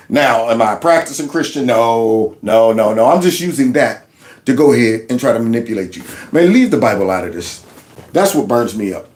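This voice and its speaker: A man hosting casual political commentary, talking in an animated, mocking way and laughing often. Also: medium pitch, normal speed. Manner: quotes others in a mock voice. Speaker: commentary host.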